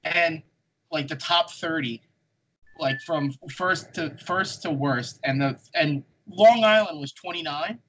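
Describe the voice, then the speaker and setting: A man's voice: fairly high pitch, slow pace, a bit bright, a little hiss or hum, low-quality recording. A man hosting a casual podcast chat, joking around and leaning on lots of "like" fillers. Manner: filler-heavy, hesitant, joking. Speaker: podcast host.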